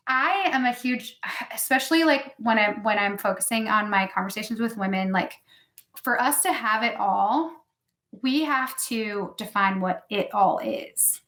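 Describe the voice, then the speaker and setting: Her voice is medium in pitch and a bit bright. In her thirties, she chats casually as a podcast guest, openly recounting personal stories and frequently using "like," with the recording carrying room echo.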